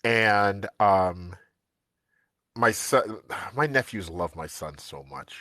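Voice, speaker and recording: A man from the United States chatting casually on a live stream as co-host, telling animated family stories and laughing often. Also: lowish voice, slow, dry recording.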